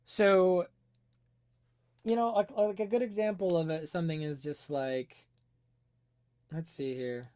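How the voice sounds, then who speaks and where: A woman with a lowish voice hosts a music-analysis livestream and breaks songs down in a loose, conversational way. She thinks out loud, stops to answer viewers' questions, and leans on fillers as she goes. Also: steady tone, unhurried, long pauses. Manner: chatty, explaining, answering chat questions, many fillers. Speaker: music teacher and livestream host.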